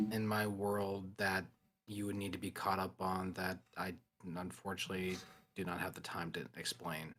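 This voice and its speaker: A man voicing a formal, measured robot leader in a tabletop role-play game. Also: deep voice, flat delivery, fairly bright tone. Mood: solemn.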